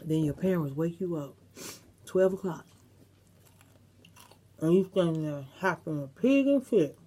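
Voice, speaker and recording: A woman's voice: on the low side, lively intonation, a little slow, warm tone. A middle-aged woman vlogger, chatting casually and reminiscing to her viewers, with some salty language. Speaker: mukbang vlogger.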